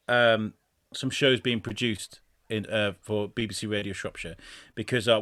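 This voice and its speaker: Lively man chatting on a podcast. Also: mid-range voice, dry recording. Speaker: podcast co-host. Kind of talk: casual chat.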